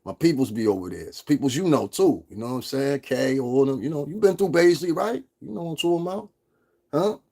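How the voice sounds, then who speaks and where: Brief: profane, confrontational livestream host, gravelly and husky, laughs a lot. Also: male voice, medium pitch, animated, fairly quick, dark tone. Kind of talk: casual livestream rant.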